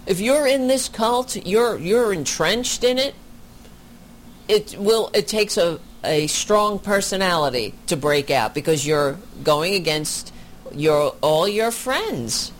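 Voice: mid-range voice, lively intonation, slow pace, slight background noise. A commentator reacting to a clip with indignant, sarcastic remarks.

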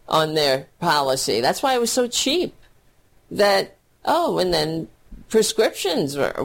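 A woman hosting a political livestream, talking bluntly and heatedly, and getting emotional as she thanks her viewers. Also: low-pitched. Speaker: political talk show host. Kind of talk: casual livestream commentary.

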